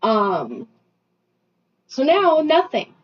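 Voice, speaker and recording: A woman in her thirties venting in a casual vlog, ranting and animated with self-deprecating asides while getting ready at home. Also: sits high, very slow. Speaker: vlogger. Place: bathroom at home. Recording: slightly dull lo-fi sound.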